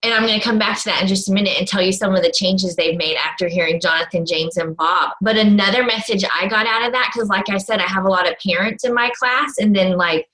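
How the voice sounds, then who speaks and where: A woman's voice: medium pitch, quick pace, hardly any pauses, bright, forceful tone. A woman hosting a podcast interview, affirming her guest. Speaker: podcast host. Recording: roomy echo.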